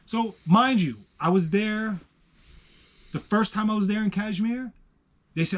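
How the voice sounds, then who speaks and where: A man with a New York accent telling stories in casual chat, profane and emphatic, swinging from loud bursts to hushed asides. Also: sits high, a little slow, long pauses.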